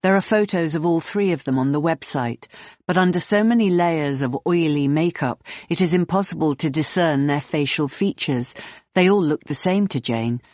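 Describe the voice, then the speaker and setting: A woman's voice: deep voice, a little mellow, no echo, lo-fi sound. Woman reading a novel aloud. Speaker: audiobook narrator. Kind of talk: third-person audiobook narration.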